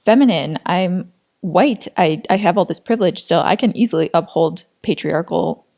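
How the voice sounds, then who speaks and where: A woman's voice: fairly low pitch, normal speed, gravelly, warm tone. A woman in her late twenties co-hosting a podcast, talking candidly in casual chat, with lots of "like" fillers and frank swearing. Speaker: podcast co-host.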